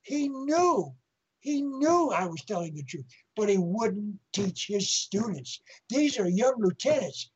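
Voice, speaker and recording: A man's voice: high-pitched, lively intonation, measured pace, few pauses, breathy edge, lo-fi sound. A male interview guest telling a long anecdote, rambling and often repeating and restarting his phrases. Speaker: guest speaker.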